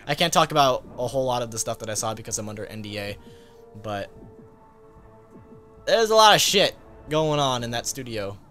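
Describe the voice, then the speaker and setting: A man, a gaming YouTuber, telling a casual story-time vlog in a rambling way, full of fillers and quick laughs. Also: mid-range voice, lively intonation, pushed and bright, soft background music.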